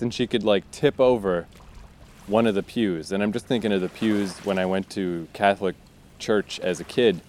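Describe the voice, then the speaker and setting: A man's voice: lowish voice, moderate pace, darkish tone, a little hiss or hum. A man, a fiction writer, talks casually about his writing, thinking aloud and acting out his characters' lines.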